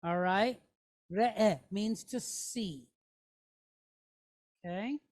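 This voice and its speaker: A woman's voice: medium pitch, very slow, a little mellow. A woman teaching a Hebrew reading lesson, sounding out each syllable patiently and checking in with her listeners.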